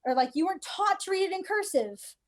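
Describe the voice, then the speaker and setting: A woman's voice: very high-pitched, animated, fairly quick. A woman guest in a casual chat, rambling and wry, with lots of "like" fillers. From United States. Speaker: guest cosplayer.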